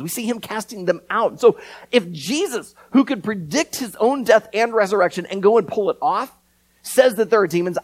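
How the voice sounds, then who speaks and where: A man preaching a sermon, animated and earnest, often repeating words as he starts a thought. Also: high voice, husky, poor audio. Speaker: pastor.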